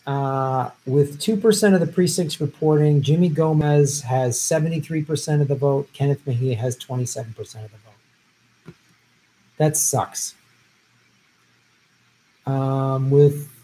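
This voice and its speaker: A man's voice: mid-range voice, dark tone, low-quality recording. A man hosting a live stream, giving blunt, profane, opinionated commentary on election-night results.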